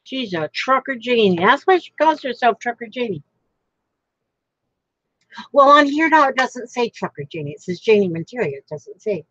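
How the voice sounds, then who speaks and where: A woman's voice: on the high side, sing-song, moderate pace, a bit bright, no room sound, lo-fi sound. A woman from Florida who chats casually while crafting on a livestream and reads out viewer comments. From Florida, United States.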